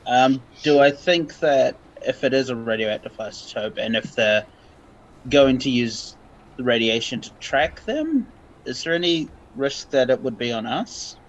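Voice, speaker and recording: A man playing in a tabletop game, talking hesitantly and thinking out loud about his character's actions. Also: medium pitch, lively intonation, measured pace, muffled recording, slight background noise. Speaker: player. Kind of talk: casual tabletop game chat.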